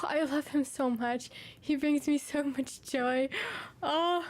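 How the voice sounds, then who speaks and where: High-voiced woman gushing over her cat. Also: steady tone, takes it slowly. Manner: gushing, doting, baby-talks to her cat. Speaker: streamer. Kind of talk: casual chat with viewers. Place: her room at home.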